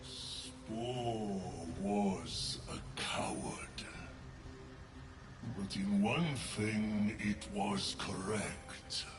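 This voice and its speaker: A domineering mushroom king proclaims his rule in a slow, heavy drawl set low in the register. Each word lands like a solemn decree in a fantasy video game, with music playing beneath him. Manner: slow, solemn, commanding pronouncements. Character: grandiose male mushroom creature demanding a king's crown.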